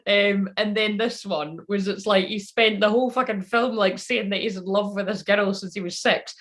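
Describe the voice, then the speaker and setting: A woman chats loosely on a live channeling stream. She rambles from one thought to the next, swears without a second thought, and speaks directly to the people watching. Her voice sits at a middle pitch. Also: moderate pace, a bit bright. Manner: rambling, swears freely, talks straight to viewers. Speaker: spiritual channeler.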